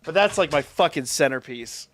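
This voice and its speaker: A man streaming live, telling a rambling, profane story in a casual, animated way. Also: on the high side, moderate pace, faint music behind.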